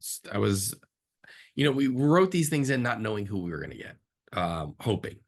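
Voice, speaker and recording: A man, a film director, telling animated behind-the-scenes stories in a casual interview, jumping up in pitch when he acts out disbelief. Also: moderate pace. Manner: animated storyteller, swings up sharply in pitch for incredulous reactions.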